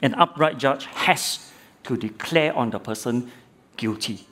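A man's voice: medium pitch, a little slow, fairly bright tone. Middle-aged male preacher asking rhetorical questions. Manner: illustrative storytelling with rhetorical questions; repeats words when starting phrases. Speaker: lay preacher, former judge. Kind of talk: sermon.

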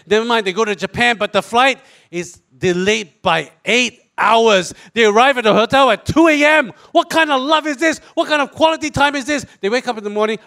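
A man with a Singaporean English accent tells a comic story in a very high, bright voice. He is animated and keeps slipping into voices for the people in his story. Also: a little fast. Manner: animated, switches into character voices. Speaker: comedic storyteller.

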